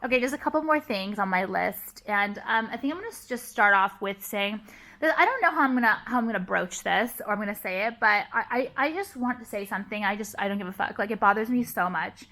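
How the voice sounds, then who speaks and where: A woman's voice: medium pitch, lively intonation, fast talker, sharp tone. A young woman vlogger ranting to camera, heated and profane, hammering her points with emphatic repetition. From Los Angeles area. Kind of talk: casual rant to camera.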